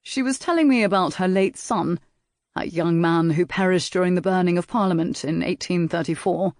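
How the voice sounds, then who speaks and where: A man reading an audiobook and voicing a disgraced young viscount who speaks calmly and unperturbed. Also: high voice, moderate pace, no room sound, clean studio sound. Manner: calm, unperturbed.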